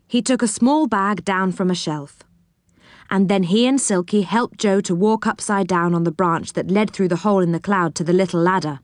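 A woman reading a children's storybook aloud in a gentle, measured way. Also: mid-range voice, no room sound, clean studio sound. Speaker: narrator.

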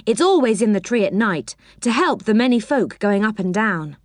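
A woman voicing an eager young boy who leads the other children in a read-aloud story, sounding bright and encouraging. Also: medium pitch, lively intonation, moderate pace, no echo, clean studio sound, natural voice.

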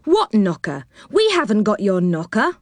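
A woman's voice: mid-range voice, expressive, normal speed, a little mellow, no room sound, lightly acted. Stern sensible kid telling off his friend, woman reading, dry close sound. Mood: reproving. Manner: stern, reproving. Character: sensible boy, bossy and stern.

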